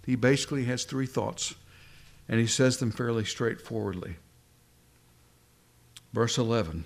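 A man's voice: medium pitch, measured pace, long pauses. A man preaching a sermon, earnest and pleading, often repeating words as he builds a point.

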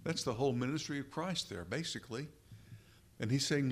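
A man preaching a sermon in an emphatic, deliberate way, leaning on repeated phrases. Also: medium pitch, animated.

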